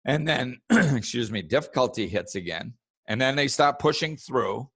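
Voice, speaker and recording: Podcast host, man, low gravelly voice, dry close sound, easygoing talk with acted-out quotes. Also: moderate pace, no room sound. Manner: relaxed, acts out quoted people in raised voices. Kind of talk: casual spiritual self-help talk.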